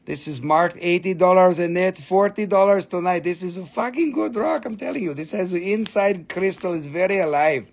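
Here the rock-and-mineral live-stream host, an Appalachian Valley man from the US, talks at normal speed in a high voice with few pauses. His sales talk is casual and playful, laced with swearing, laughter and funny accents.

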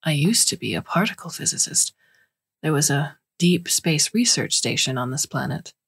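A woman's voice: low voice, lively intonation, moderate pace, vocal fry, fairly bright tone, husky, exaggerated voice. A woman voicing a scheming older female alien scientist who speaks in urgent, clipped lines.

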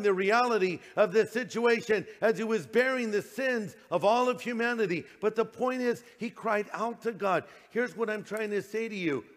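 A man's voice: high-pitched, moderate pace, few pauses, a bit bright, big-room sound. An older man, a pastor, preaching a sermon in a conversational way, slipping into quoted voices.

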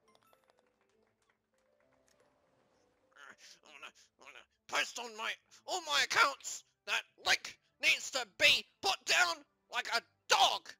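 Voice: high-pitched, expressive, moderate pace, gravelly, bright, forceful tone, no echo, voice pushed up, exaggerated voice. A performer voicing a ranting male mad scientist villain who stammers and boasts in a comic plush game video. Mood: furious.

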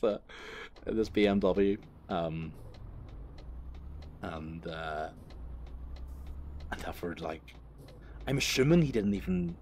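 A man's voice: low-pitched, measured pace, long pauses, a little mellow. A young man telling a crude, rambling anecdote while he drives, swearing freely and breaking off to laugh, recorded in his car. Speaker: vlogger.

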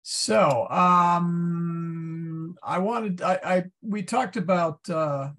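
A man teaching a Latin class, explaining step by step and thinking aloud with many pauses and fillers. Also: high-pitched, fairly even intonation, fairly bright tone. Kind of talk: classroom lesson.

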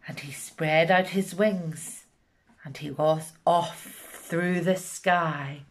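A woman with a Northern Irish accent reading a rhyming picture book aloud in a gentle, rhythmic storytelling manner. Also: sits low, fairly even intonation, slow.

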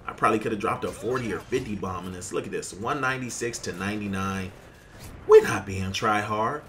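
A man giving excited commentary over his gameplay, trash-talking and hyping his plays. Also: fairly low pitch, a little fast, slight background noise. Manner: hyped, trash-talking, keeps saying look at that. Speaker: gaming YouTuber.

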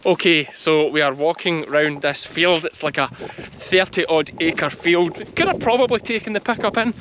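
A man's voice: fairly high pitch, moderate pace, noisy background. A middle-aged man with a Scottish accent, a sheep farmer hosting his own video and chatting casually as he works, now and then calling commands to a young dog. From west of Scotland. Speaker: sheep farmer and channel host. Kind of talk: casual vlog commentary while working. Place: outdoors in a large sheep field.

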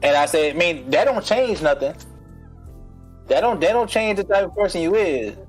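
A man with a fairly high voice, rambling through casual podcast chat and stumbling as he searches for words. Faint music plays behind him. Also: lively intonation, moderate pace, husky, rough recording. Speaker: podcast co-host.

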